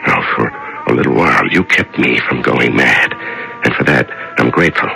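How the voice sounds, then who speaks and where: A gravelly broken prisoner. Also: male voice, rumbling low, animated, normal speed, sharp tone, faint music behind, exaggerated voice, poor audio. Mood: feverish. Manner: trembling, stammering, pleading. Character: haggard man released from solitary confinement. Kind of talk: 1970s radio drama acting.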